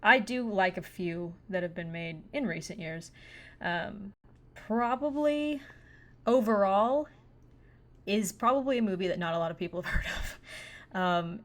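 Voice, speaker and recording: A young woman talks casually as a co-host in an average-pitched voice. Her delivery is laid-back, with drawn-out phrases and easy pauses. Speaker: podcast co-host. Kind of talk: casual chat.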